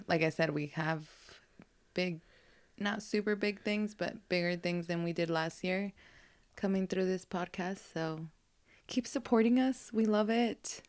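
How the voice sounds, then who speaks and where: A woman's voice: fairly low pitch, smooth. A woman co-hosting a podcast in casual chat, upbeat, giggly and encouraging. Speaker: podcast co-host.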